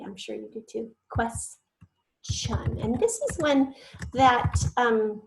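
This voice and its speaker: A woman's voice: a little high, vocal fry, poor audio. A woman teacher giving an online spelling lesson, patiently sounding out words syllable by syllable and sometimes whispering the letters.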